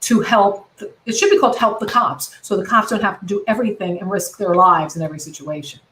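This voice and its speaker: A middle-aged American comedian guest talks passionately on a casual video call, rambling and correcting herself again and again. Her voice is medium-pitched, quick and slightly bright, and the recording is rough.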